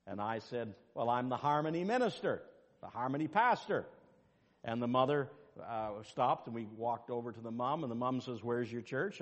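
A male pastor preaching a sermon and telling a personal story, swinging between quiet asides and loud, high-pitched exclamations. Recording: long hall reverb.

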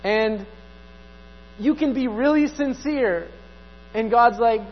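A man's voice: very high voice, takes it slowly, long pauses. A man preaching a sermon as pastor, conversational and repeating key phrases for emphasis. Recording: dull sound, long hall reverb, mains hum.

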